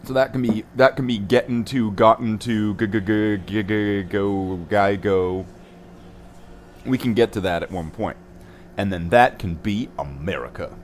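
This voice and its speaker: A man's voice: fairly low pitch, unhurried, a little hiss or hum. Goofy young man chatting while painting. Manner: goofy and playful, sings nonsense and repeats words. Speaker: streamer painting miniatures. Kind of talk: rambling casual livestream chat.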